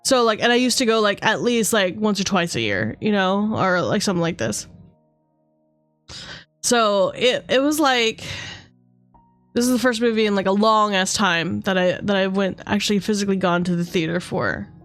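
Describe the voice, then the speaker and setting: A woman's voice: medium pitch, lively intonation, moderate pace, dry recording, soft background music. A young woman from Canada chatting casually on a livestream, rambling with lots of fillers and swearing freely. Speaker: streamer.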